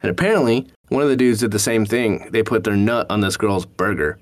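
Low-voiced profane man telling stories. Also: animated, fairly quick. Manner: profane, storytelling, laughs often. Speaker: podcast co-host. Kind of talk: casual chat.

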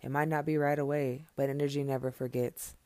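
A man's voice: medium pitch, level tone, a little fast, a little mellow, dry recording. A man speaking straight to camera in an impassioned, unscripted monologue, blunt and profane, hammering his points with repeated phrases.

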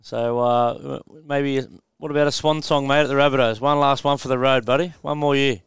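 A man's voice: mid-range voice, fairly even intonation, a little fast, clear, resonant tone, dry recording, studio quality. An Australian man co-hosting a sports radio show, laid-back and matey. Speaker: radio co-host. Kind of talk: casual studio chat.

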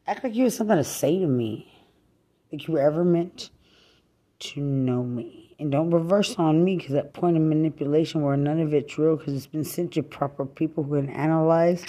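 A woman's voice: a bass voice, moderate pace, mellow. A woman, a mother, in a furious rant, cursing and repeating threats over and over. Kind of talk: angry profane rant.

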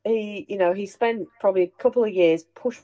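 A middle-aged woman hosting a casual chat, telling family anecdotes in an animated way and laughing along. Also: mid-range voice, brisk, lo-fi sound. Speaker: host sharing family memories.

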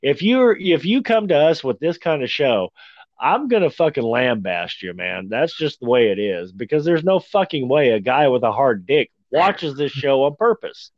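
A man's voice: mid-range voice, sing-song, normal speed, dry recording. Podcast co-host, man, blunt and profane, bouncy voice, dry dull recording. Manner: blunt, swears a lot, laughs often. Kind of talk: casual profane chat.

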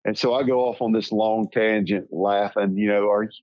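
A middle-aged Southern man from Tennessee, telling his life story as an interview guest in a slow, halting, reflective way. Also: on the low side, fairly even intonation, dry recording, muffled recording. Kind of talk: personal storytelling.

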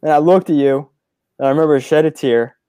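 A man's voice: on the high side, quick pace, warm tone, clean tone, no echo. A man in his twenties, the son and co-host, talking casually and reflectively about his experiences, sincere with small hesitations. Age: 20s. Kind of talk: casual storytelling.

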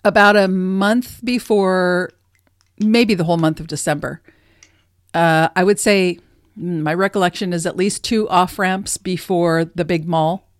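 A woman with a lower voice chats on a podcast, breaking into laughter now and then as she reads out tips. The sound is dry and close, with no room around it. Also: fairly even intonation, a little slow, dry recording. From Southern California. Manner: laughs often, reads tips aloud from an article. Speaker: podcast co-host. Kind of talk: casual chat.

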